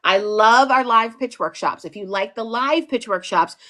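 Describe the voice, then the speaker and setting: A woman's voice: fairly high pitch, moderate pace, a bit bright. Chatty playful woman teaching a live class. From US East Coast. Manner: chatty, playful, digressive, lots of "like" and "okay?". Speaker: online TV pitching instructor. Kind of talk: casual livestream lesson.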